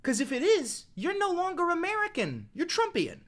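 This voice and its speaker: A man's voice: very high-pitched, huge pitch swings, normal speed, fairly bright tone. Fiery young man ranting on stream. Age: 20s. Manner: profane, impassioned ranting. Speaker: live streamer. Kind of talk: angry political commentary livestream. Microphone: desk microphone.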